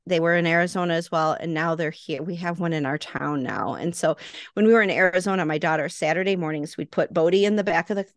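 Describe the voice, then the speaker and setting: A woman guest in casual chat, telling relaxed stories with light laughs. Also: fairly low pitch, quick pace, no echo, clean studio sound.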